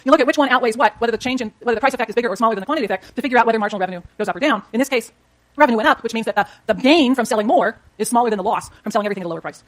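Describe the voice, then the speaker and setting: A middle-aged woman lecturing on economics at a very quick clip. Her voice sits a little high, and she walks the class through each graph as she draws it. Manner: brisk, explains while drawing graphs, talks to students.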